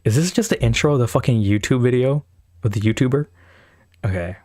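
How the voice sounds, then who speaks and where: A man's voice: mid-range voice, fairly quick, darkish tone. A man from South Asia streaming live, giving casual, rambling, profane reaction commentary while he thinks aloud. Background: faint anthem music playing.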